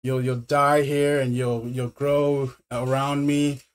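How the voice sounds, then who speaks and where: A man's voice: medium pitch, flat delivery, slow pace, smooth, close to an everyday voice. A man voicing a lovesick enchanted tree that clings possessively, in a rambling, pleading way. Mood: doting.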